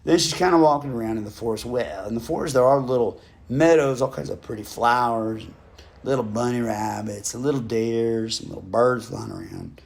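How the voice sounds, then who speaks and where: A male storyteller spinning a fairy tale into a loose, comic yarn. He wanders off into digressions and tosses in jokes, in a voice of ordinary middle pitch. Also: brisk, gravelly. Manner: rambling, digressive, joking asides.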